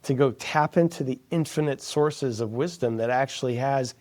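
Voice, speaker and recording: A man being interviewed as a guest, telling a personal story in a casual, animated way and dropping into a soft hushed voice when quoting others. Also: mid-range voice, moderate pace.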